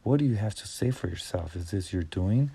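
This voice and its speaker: A man voicing a gruff, bossy male team leader who scolds and shouts at his workers. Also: fairly low pitch, lively intonation, fairly quick, exaggerated voice. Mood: stern scolding.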